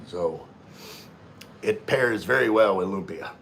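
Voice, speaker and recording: A fairly low-voiced man hosts a relaxed livestream. He reads viewer comments aloud and answers them, often repeating words as he goes. A faint hum of room ambience sits under his voice. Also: slow pace, creaky. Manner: easygoing, repeats words and restarts while reading. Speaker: livestream host.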